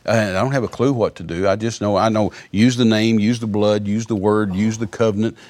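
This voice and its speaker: A man telling a personal testimony in conversation, animated, with frequent repeated words. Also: fairly low pitch, fairly quick.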